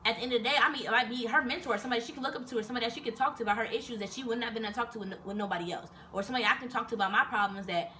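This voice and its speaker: A young woman and soldier telling stories in a casual, animated, profane and rambling chat, recorded indoors. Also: fairly high pitch, very fast, hardly any pauses. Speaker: vlogger and soldier. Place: indoors in Korea. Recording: distant mic with faint noise.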